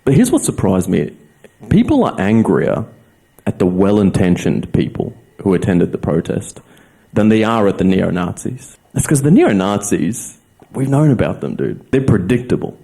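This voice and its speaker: An Australian man performing stand-up comedy on stage in front of a live audience. His voice sits on the low side, and his delivery is wry and deadpan. He slips in acted-out quotes between the jokes. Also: normal speed, gravelly.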